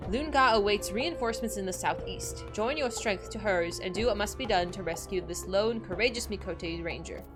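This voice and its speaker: A woman's voice: mid-range voice, normal speed, hardly any pauses, over music, close to an everyday voice. A woman reading as a proud war leader. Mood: commanding. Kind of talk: reading quest dialogue aloud.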